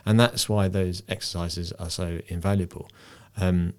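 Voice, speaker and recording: A man's voice: sits low, fairly even intonation, moderate pace, smooth. A man hosting a casual podcast chat, explaining ideas and often restarting his sentences.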